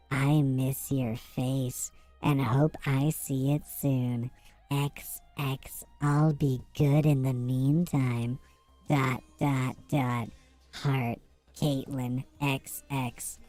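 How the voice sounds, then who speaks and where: A man doing a sultry woman's voice through a voice-changing effect, reading a flirty love note slowly and breathily. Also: mid-range voice, dark tone, no echo. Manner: slow, drawn-out sultry delivery. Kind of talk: comic dramatic reading.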